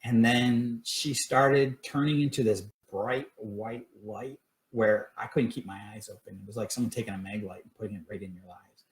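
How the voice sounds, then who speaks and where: Middle-aged guy telling ghost stories live, lots of uhs, kinda low voice. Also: steady tone, normal speed. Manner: rambling, with many fillers and restarts. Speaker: paranormal investigator sharing stories. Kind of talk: casual storytelling on a live stream.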